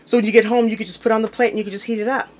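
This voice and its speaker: A woman's voice: a little high, steady tone, rapid-fire, a little mellow, slight background noise. A woman hosting a home cooking video, talking casually and informally while she opens jars and plates food in her kitchen. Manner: chatty and informal, talks while handling food.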